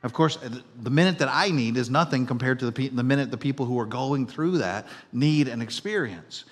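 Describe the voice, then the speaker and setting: A middle-aged male pastor preaches in a conversational, storytelling way, his voice rising loud and then sinking to a hush. His medium voice carries a long reverb from the church hall around him. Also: mid-range voice, fairly quick. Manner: conversational storytelling, swinging between loud and hushed. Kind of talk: sermon. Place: church auditorium.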